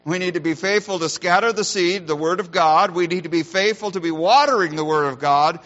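A man's voice: sits high, a little fast, fairly bright tone. Earnest preaching man, dull recording. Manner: earnest preaching, varied emphasis, rhetorical questions. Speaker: pastor. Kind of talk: sermon.

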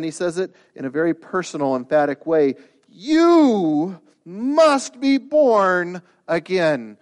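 A male pastor with a medium-pitched, slightly mellow voice preaches in an earnest, conversational way. He drifts into asides and restarts, then builds to emphatic, rising bursts.

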